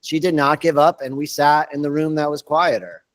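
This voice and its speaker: A man who is a student in an online class, telling a short story in a relaxed way. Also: fairly high pitch, moderate pace, no echo, low-quality recording.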